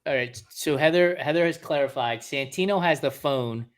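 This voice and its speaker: A man's voice: on the high side, moderate pace, clear, resonant tone. A middle-aged man co-hosting a podcast, chatting casually, laughing often as he reads out listener song picks. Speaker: podcast co-host. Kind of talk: casual chat.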